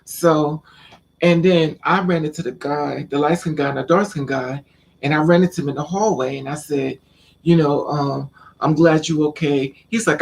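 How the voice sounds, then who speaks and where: A man's voice: a little high, steady tone, moderate pace, vocal fry, slight background noise. A man vlogging, telling a personal story in casual, profane speech and acting out the lines of the people in it. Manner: blunt, profane, quotes people in conversation.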